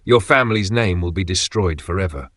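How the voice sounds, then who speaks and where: A man reading the lines of a cold, vengeful woman in a dark narrated story, delivering measured threats. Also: low-pitched, animated, no echo.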